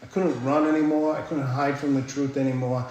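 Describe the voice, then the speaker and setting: A man with a mid-range, fairly flat voice speaks briskly, his tone darkish and the highs cut off. He's telling his own recovery story at a speakers' meeting, blunt and profane, often tossing in "right?" as he goes. The room is very echoey with faint ambience.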